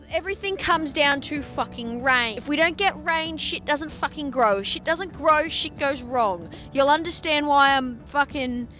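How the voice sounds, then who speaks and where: A woman's voice: fairly high pitch, a bit bright. A woman with an Australian accent, a farmer vlogging outdoors on her sheep farm into a phone, talking bluntly with lots of swearing and sarcasm. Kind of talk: casual vlog chat.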